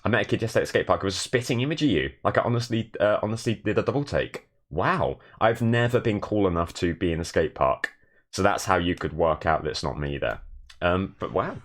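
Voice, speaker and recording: A young man streaming from his bedroom in a shared flat, chatting casually and self-deprecatingly and thanking viewers. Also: low voice. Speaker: Twitch streamer. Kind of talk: casual live stream chat.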